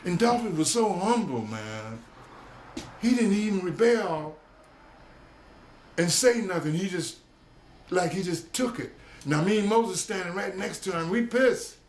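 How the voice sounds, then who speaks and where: Elderly jazz musician, profane streetwise yarn-spinner, echoey room. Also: male voice, sits high, expressive, unhurried, long pauses, a little hiss or hum. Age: 70s. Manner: streetwise, profane, keeps asking "you dig?". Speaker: jazz musician telling his history. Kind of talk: storytelling recollection. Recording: roomy echo with faint music behind.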